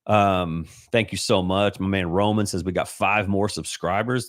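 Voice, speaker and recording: Man, middle-aged, very deep voice, earnest, emotional, rambling restarts, casual devotional livestream, dry close sound. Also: fairly even intonation, moderate pace, no echo. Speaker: livestream host. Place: home livestream. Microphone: computer livestream mic.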